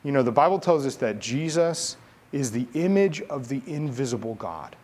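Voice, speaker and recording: A middle-aged man preaching a sermon from the United States, talking in a relaxed, conversational way and telling a personal story with lively delivery. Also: moderate pace. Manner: conversational, animated storytelling with rising pitch in quoted dialogue. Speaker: pastor.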